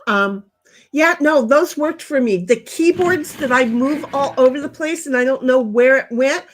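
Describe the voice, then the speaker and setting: An older woman with a high voice runs a casual livestream, reading the chat and rambling from comment to comment. She's blunt, swears now and then, and talks at a moderate pace with slight background noise.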